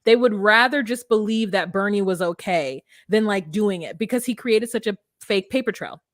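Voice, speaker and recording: A woman hosting a podcast, retelling a story from her notes in an animated, profane way and correcting herself as she goes. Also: mid-range voice, moderate pace, no room sound. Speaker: podcast host reading from notes. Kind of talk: casual storytelling chat.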